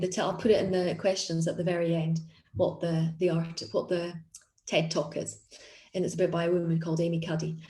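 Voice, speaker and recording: An executive coach runs an online group session on confidence, her mid-range voice mellow and carrying a reverberant echo. She talks in an encouraging, conversational way, often restarting her sentences.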